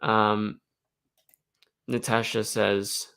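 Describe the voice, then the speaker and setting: A man's voice: on the low side, little pitch movement, drawn-out words, vocal fry, sharp tone, smooth. A young man hosting a live stream, chatting casually and answering viewer questions, rambling with lots of fillers. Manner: rambling, full of "like" and "um".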